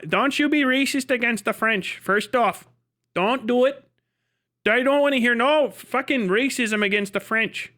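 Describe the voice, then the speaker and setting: A man's voice: high voice, bright, forceful tone, clear, resonant tone. A man voicing a hot-headed Canadian man who blusters defensively and makes threats.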